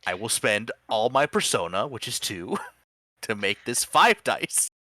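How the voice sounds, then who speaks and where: A man's voice: lowish voice, big pitch swings, measured pace, pushed and bright, dry recording, studio quality. A man playing a tabletop role-playing game, talking playfully and laughing mid-sentence. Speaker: player.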